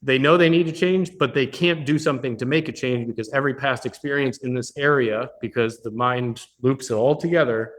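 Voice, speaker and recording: A man's voice: medium pitch, fairly quick, hardly any pauses. A man leading a live workshop as a business coach, talking bluntly with plenty of swearing and often checking in with the people in the room. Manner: blunt, profane, keeps checking in with the audience. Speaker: business coach hosting a mastermind. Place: meeting room with a live audience.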